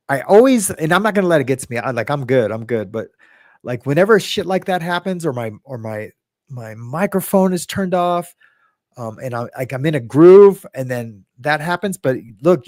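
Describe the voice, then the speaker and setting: Rambling livestream host, dry close sound. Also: male voice, mid-range voice, a little mellow, no room sound. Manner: rambling, self-interrupting, swears casually. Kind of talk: casual livestream chat.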